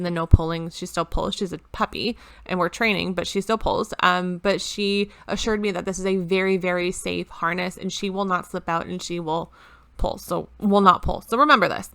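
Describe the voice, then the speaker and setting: A woman's voice: fairly low pitch, a bit bright, smooth. A woman chatting to camera at home in a casual planner vlog, rambling with frequent ums and restarts. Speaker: planner vlogger.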